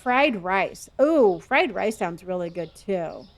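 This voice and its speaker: A woman's voice: medium pitch, lively intonation, slow. A middle-aged woman streaming a game, chatting playfully with viewers and answering their chat messages.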